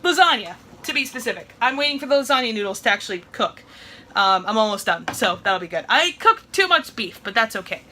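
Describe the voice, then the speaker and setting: A woman's voice: fairly high pitch, big pitch swings, pushed and bright, a little hiss or hum. A young woman with a Midwestern accent, chatting in a rambling, giggly way while she cooks. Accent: Midwestern American. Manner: rambling, giggly, fast storytelling. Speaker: vlogger. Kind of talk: casual vlog chat while cooking.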